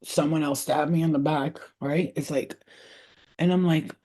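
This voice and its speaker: A woman's voice: sits low, fairly even intonation, moderate pace, dark tone, husky. A woman hosting a casual spiritual livestream, talking bluntly in streetwise slang with plenty of swearing and stopping now and then to scold her cat. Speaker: spiritual healer and livestream host.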